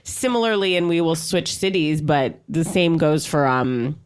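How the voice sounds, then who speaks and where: A woman's voice: low voice, a little slow, clean tone. A woman hosting a comedy podcast, chatting casually and emphatically, swearing freely. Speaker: podcast host.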